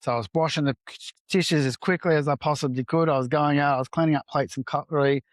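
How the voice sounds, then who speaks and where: A man's voice: on the high side, steady tone, fast, no room sound. A man talking as a podcast guest, telling a personal story candidly and casually, with some swearing and acted-out bits of dialogue. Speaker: entrepreneur guest.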